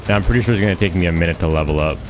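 Low-pitched and racing, a man streams a game with playful, casual commentary, now and then singing along and repeating chants. Background noise and game gunfire play behind his voice.

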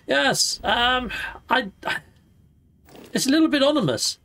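A man's voice: extremely high pitch, animated, unhurried, pushed and bright. A man hosting a let's play, chatting playfully as he loots and fights, full of exclamations and mild mock swearing. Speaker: gaming channel host.

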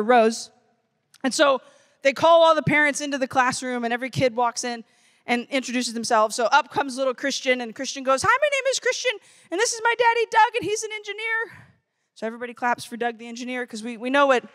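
A woman in her thirties giving a lively, playful talk to teenagers at a youth conference. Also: high-pitched. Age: 30s. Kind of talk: motivational talk to teens. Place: conference stage before a crowd.

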